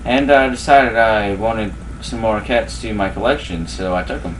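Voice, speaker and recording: A low-voiced, cat-obsessed male thief, as played by a man recounts his crimes in a casual, matter-of-fact ramble. He is heard from a little away from the mic, with faint noise behind him. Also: moderate pace, fairly bright tone, distant mic, close to an everyday voice, low-quality recording.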